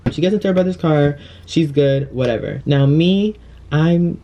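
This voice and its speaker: A young man telling a personal story in a casual, chatty storytime, packed with fillers and animated retelling. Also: a little high, brisk, highs cut off, faint music behind. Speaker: vlogger.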